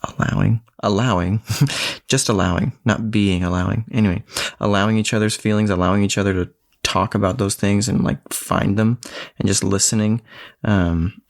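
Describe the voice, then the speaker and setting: Gravelly low-voiced man chatting. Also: moderate pace. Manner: animated storyteller, laughs often. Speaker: podcast co-host; filmmaker and parent. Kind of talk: casual conversation.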